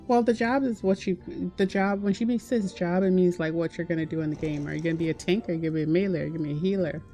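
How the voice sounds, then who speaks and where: A woman's voice: on the low side, racing, mellow, faint music behind. A woman in her forties chatting casually with her stream chat while gaming, giggly and explaining things to viewers. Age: 40s. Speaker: game streamer.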